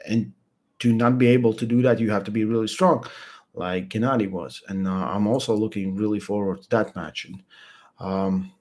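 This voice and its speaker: Young guy on an armwrestling stream, kinda low voice, blunt, keeps restarting. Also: fairly even intonation, a little mellow. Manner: halting, many restarts and fillers, blunt. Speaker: arm wrestling podcast regular. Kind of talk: casual chat.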